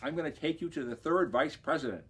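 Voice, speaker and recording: A man voicing a mad male general manager, brisk and dismissive. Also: on the high side, slightly rough, voice pushed up.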